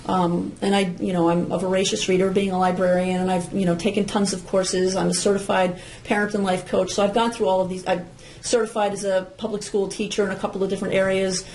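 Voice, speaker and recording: A woman's voice: medium pitch, little pitch movement, fast talker, darkish tone, a little hiss or hum, rough recording. Earnest woman parent coach. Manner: earnest, repeats key points. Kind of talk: podcast interview.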